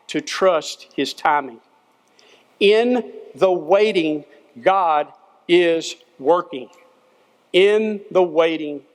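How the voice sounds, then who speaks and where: An older man, a former football coach giving an earnest, folksy chapel sermon to students in short, repeated phrases. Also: high voice. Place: school chapel.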